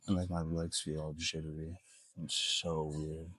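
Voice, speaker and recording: Man, out of breath, husky low voice, dry close sound. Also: level tone, unhurried, fairly bright tone, no room sound. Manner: winded, casual, slangy. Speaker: fitness vlogger.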